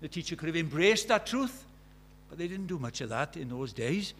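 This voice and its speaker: A middle-aged Welsh man preaching a sermon, moving between loud declarations and quiet, hushed asides. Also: fairly high pitch, sing-song, moderate pace. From Wales.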